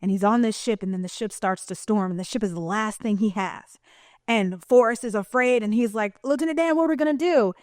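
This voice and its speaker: A woman's voice: medium pitch, steady tone, fairly quick, darkish tone, no room sound, clean studio sound. A woman talking in a casual vlog monologue, chatty, colloquial and emphatic. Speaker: vlogger.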